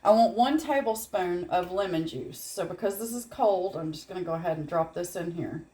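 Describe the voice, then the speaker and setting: A woman's voice: on the low side, lively intonation, moderate pace, dark tone. A middle-aged woman with a Southern accent, hosting a home cooking video, chatting through a recipe with rambling asides and little laughs. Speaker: home cooking channel host. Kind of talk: casual cooking demonstration.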